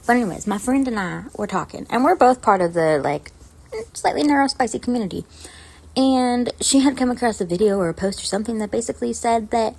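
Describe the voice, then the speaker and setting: A young adult woman telling a story to camera in a casual vlog, animated and acting out the dialogue. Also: mid-range voice, a little fast, vocal fry. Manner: animated, acts out both sides of dialogue. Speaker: vlogger.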